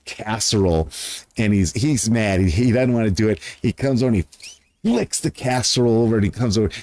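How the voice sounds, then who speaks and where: A man's voice: on the low side, a little fast, darkish tone. A man chatting casually to camera outdoors, earnest and rambling, often losing his train of thought. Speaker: vlogger.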